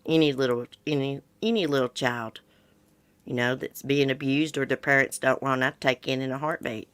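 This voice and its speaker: A woman's voice: extremely low pitch, steady tone, moderate pace, clean tone, no room sound. A woman hosting a casual commentary show, reading news reports aloud and breaking in with blunt, sarcastic asides. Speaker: host.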